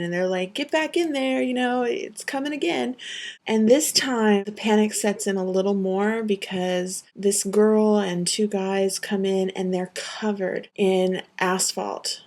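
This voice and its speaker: A woman's voice: mid-range voice, a little mellow. A young woman telling a personal story to camera, earnest and rambling with many fillers. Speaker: vlogger recounting a tornado.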